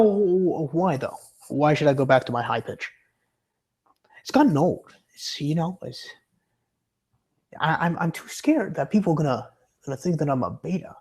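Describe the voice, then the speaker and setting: A man's voice: on the high side, a little mellow. A man talking casually to his chat on a livestream, still recovering from being sick. He rambles, hesitates and restarts his sentences often. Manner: rambling and hesitant, trips over his words. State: recovering from illness.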